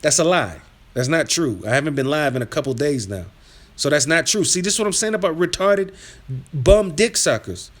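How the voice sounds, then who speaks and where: A livestream host reads chat aloud and trash-talks viewers in a combative, rambling rant, swinging from low muttering to loud yelling. His intonation is lively and his speed normal.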